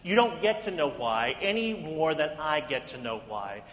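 A blunt dying old rabbi, as a preacher puts him on. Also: male voice, a little high, expressive, moderate pace, a bit bright. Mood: impassioned. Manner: blunt, challenging rhetorical questions. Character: dying elderly male rabbi, blunt and pastoral. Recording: echoey hall reverb.

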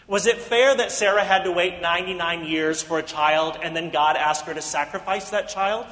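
A blunt, dying old rabbi, played by a man reading him out in a sermon fires off one challenging question after another. His fairly high voice rings through a long, roomy hall reverb. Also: bright, forceful tone. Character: dying elderly male rabbi, blunt and pastoral.

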